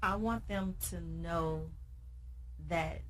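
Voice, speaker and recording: A woman's voice: on the low side, extremely slow, a little hiss or hum. A woman on a talk show explaining her mentoring work with girls in an earnest, encouraging way. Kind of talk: interview answer.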